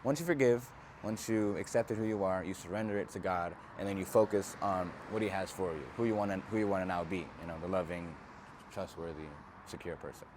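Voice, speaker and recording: An earnest young man talks through a self-help vlog in a casual, reflective way, with slang. His voice sits very low. He is outdoors, and faint traffic hums behind him. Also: brisk. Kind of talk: casual motivational talk to camera.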